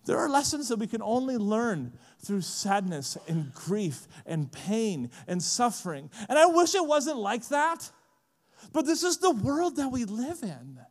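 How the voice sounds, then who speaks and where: A man preaching a sermon in a casual, animated way, often saying "like", at a conference. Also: very high voice, a little slow, big-room sound. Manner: lively, casual, frequent "like" fillers. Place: large conference hall.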